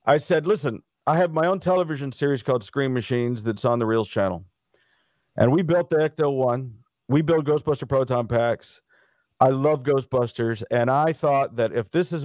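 A middle-aged man from Dallas telling stories in a casual interview, lively and acting out the people he quotes. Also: mid-range voice, no room sound, studio quality. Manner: animated anecdote teller, acts out quoted people. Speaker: interview guest.

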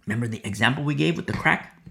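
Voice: medium pitch, vocal fry, fairly bright tone. A Bible teacher giving a verse-by-verse sermon, emphatic, repeating key phrases and dropping to a whisper to stress a point. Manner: acts out the people in the text with quick voice changes.

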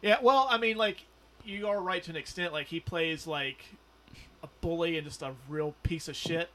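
A man's voice: a little high, moderate pace, a bit bright. A man hosting a podcast in casual chat, rambling with lots of "like" and some swearing. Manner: loose, rambling, full of "like" and swearing. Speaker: podcast host.

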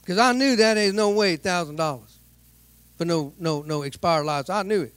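A man preaching with animated storytelling, acting out the people in his tale. His voice sits higher than most men's. The sound is dry and close, with no room around it. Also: normal speed, no room sound. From United States. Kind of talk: sermon storytelling.

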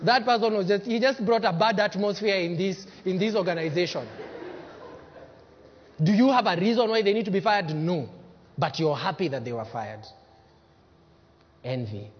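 A man preaches a sermon in a high, bright-toned voice, acting out the quotes and swinging from loud to hushed. The sound is dull and lo-fi, with a long reverb trailing each phrase. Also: moderate pace, long pauses. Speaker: pastor.

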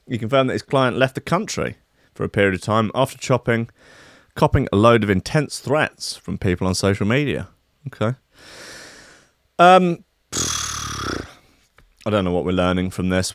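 A man's voice: lowish voice, dry recording, clean studio sound. A man giving casual, sardonic commentary, full of crude asides and hesitant fillers. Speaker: streamer reacting to news clips and music.

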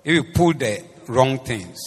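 A man preaching a sermon as the pastor. He switches between English and Twi phrases and swings from soft asides to loud, emphatic preaching. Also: medium pitch, lively intonation, a little slow, breathy edge. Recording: long hall reverb with faint noise.

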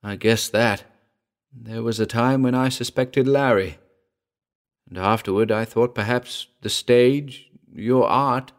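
A man's voice: medium pitch, takes it slowly, voice pushed up. A man voicing a grieving man who weeps and pleads with a ghost. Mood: anguished. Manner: emotional, pleading. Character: grieving older man, weeping, desperate.

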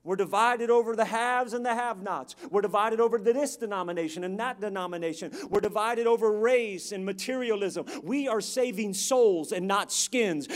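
Male preacher, high voice, rhythmic sermon delivery, rises to loud emphatic peaks. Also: normal speed, few pauses.

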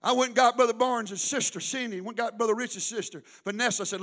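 Man preaching, very high voice, shouting then dropping to a hush. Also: fast, in a large hall. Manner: preaching, swings from loud shouting to hushed storytelling. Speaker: pastor. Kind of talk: sermon.

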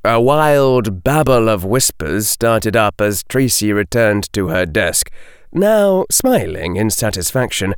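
Brief: male storyteller, unhurried and smooth, dry close sound. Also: on the low side, no room sound. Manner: expressive, lively storytelling. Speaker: narrator. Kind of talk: reading a story aloud.

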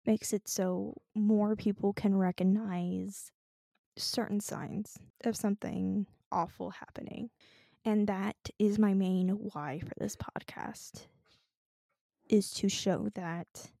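Woman podcast host, gravelly mellow voice, slow and thoughtful. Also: mid-range voice, no echo, studio quality. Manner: reflective, measured, gently comforting. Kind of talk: casual chat.

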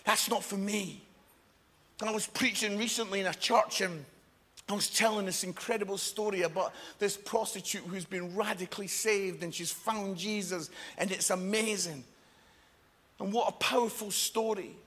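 A man's voice: high-pitched, fairly even intonation, normal speed, a bit bright. A man preaching a sermon, passionate and emphatic, with jokes along the way. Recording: long echoing hall reverb.

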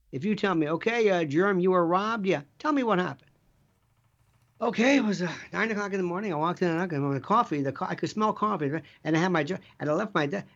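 A middle-aged man with a gravelly, creaky voice holds forth as an interview guest. He talks in a rambling, emphatic way, jumping between side stories and jokes. The recording sounds a bit dull and muffled. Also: on the high side. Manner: rambling, emphatic, digressive, jokey. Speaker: guest, former prosecutor. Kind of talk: animated conversational storytelling.

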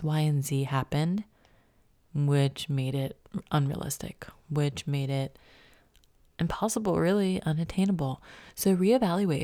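A woman hosting a motivational podcast in a raspy, breathy half-whisper, a little stuffy from a cold, upbeat and encouraging. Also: low voice, warm tone, dry recording, clean studio sound. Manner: upbeat, encouraging, laughs at herself. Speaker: podcast host. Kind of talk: motivational solo podcast talk.

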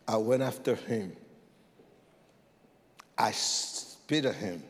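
A man giving a dramatic testimony sermon in a church, theatrical and bursting into shouts as he acts out scenes. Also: medium pitch. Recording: long church hall reverb.

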